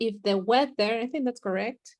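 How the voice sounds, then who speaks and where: A woman student answers on a video call, thinking aloud in a tentative way. Her voice is slightly high and sounds dry and close. She hedges as she works through the answer. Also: fast talker, no room sound. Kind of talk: answering in class.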